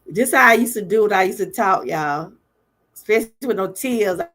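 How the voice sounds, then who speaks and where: A woman's voice: mid-range voice, lively intonation, moderate pace, fairly bright tone. An older woman, hosting a livestream and talking earnestly and from the heart straight to her viewers, often moved as she speaks. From Georgia, US. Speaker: livestream host. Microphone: webcam or phone livestream.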